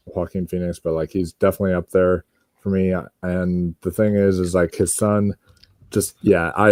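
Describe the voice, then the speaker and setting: Man with a dark, low dry voice. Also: no echo. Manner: animated storyteller, does quick voice impressions. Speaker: panelist. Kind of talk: casual panel chat.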